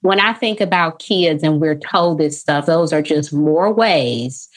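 A woman therapist speaking as a podcast guest, animated and laughing often, acting out the phrases she quotes. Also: sits low, a little slow. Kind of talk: casual podcast interview.

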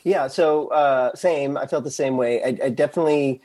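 Man, podcast guest, casual chat, hesitant, halting, middle pitch. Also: darkish tone.

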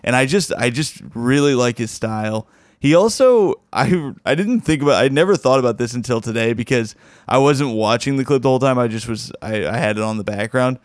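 A man's voice: medium pitch, animated, a little fast, dry recording, studio quality. A man hosting a comedy podcast, chatting casually and enthusiastically with frequent restarts. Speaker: podcast host. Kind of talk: casual commentary.

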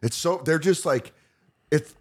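A man with a deep, rich, booming voice, a guest comedian chatting on a podcast in a self-deprecating, jokey way. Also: a little slow, noisy background. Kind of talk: casual podcast chat.

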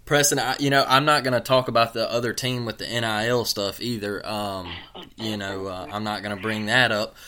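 Bright-voiced man hosting. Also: fairly low pitch, fairly even intonation, brisk. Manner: laid-back, drawling, says "man" a lot. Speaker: podcast host. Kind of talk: casual sports podcast chat.

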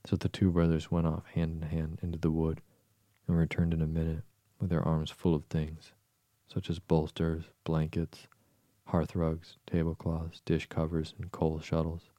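A man narrating a bedtime story in a calm, even, soothing reading. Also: extremely low pitch, moderate pace, no room sound.

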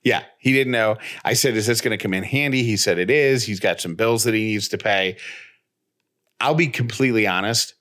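Fairly low in pitch and fairly quick, this man co-hosts a podcast. He spins a casual, animated yarn, voicing each quoted line of dialogue himself.

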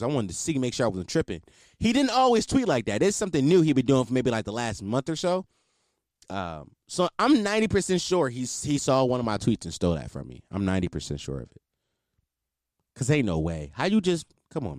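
A man's voice: mid-range voice, no room sound, clean studio sound. A young man hosting a solo show, ranting in a blunt, profane, mocking way. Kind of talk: casual comedic rant.

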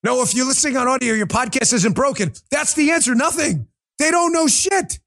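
Male podcast host, high and very animated voice, sarcastic, profane, rant-style commentary. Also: brisk. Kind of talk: ranting political commentary.

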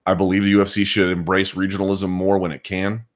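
A man hosting a live podcast chat, thinking out loud and restarting his sentences as he answers viewers' questions. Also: low voice, completely flat delivery, fast talker. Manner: thinking aloud, frequent restarts and hedging. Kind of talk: casual live chat commentary.

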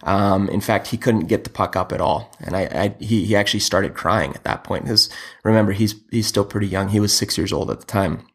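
A man's voice: lowish voice, brisk, fairly bright tone, husky. A man who is a father and youth hockey coach, telling a story in an earnest, conversational way.

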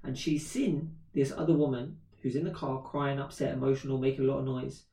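A man in his thirties, a podcast co-host, telling a story in casual chat, animated and swearing freely. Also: mid-range voice, fairly quick. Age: 30s. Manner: animated, swears freely, acts out quoted voices. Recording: roomy echo, distant from mic.

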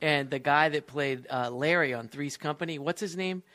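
A man on a comedy podcast telling an animated, excitable anecdote and laughing through it. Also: on the high side, normal speed, no echo. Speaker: podcast co-host. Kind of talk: anecdote storytelling.

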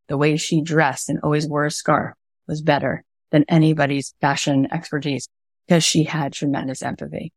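A woman hosts a podcast and coaches two people on a call, giving an emphatic, animated motivational talk full of "like" and "right?". Her voice is low, with no echo.

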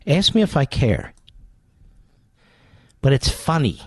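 A man's voice: mid-range voice, wildly swooping pitch, takes it slowly, slightly rough, no echo. A man hosting a political talk radio show, delivering combative, mocking commentary.

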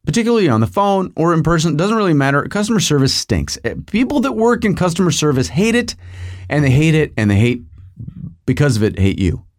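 A man's voice: fairly high pitch, big pitch swings, fast talker. A middle-aged man hosting a podcast, telling a rambling comic story with digressions and asides to the listener. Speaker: podcast host.

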